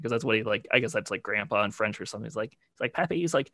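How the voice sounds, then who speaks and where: A man's voice: fairly low pitch, flat delivery, very fast, pushed and bright, no room sound, studio quality. A man co-hosting a podcast, talking casually and rambling with lots of "like" and "you know". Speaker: podcast co-host. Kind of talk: casual chat.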